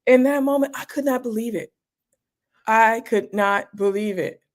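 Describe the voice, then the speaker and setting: A woman's voice: fairly high pitch, normal speed. A middle-aged woman doctor, a guest in an interview, telling personal stories candidly and acting out the people she quotes.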